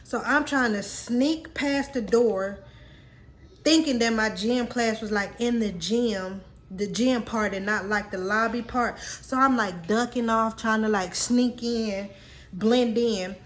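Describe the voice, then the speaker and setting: Sex: female. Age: late 20s. Role: vlogger telling a story. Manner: candid, slangy, talks straight to the viewers. Pitch: a bit high. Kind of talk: casual storytime.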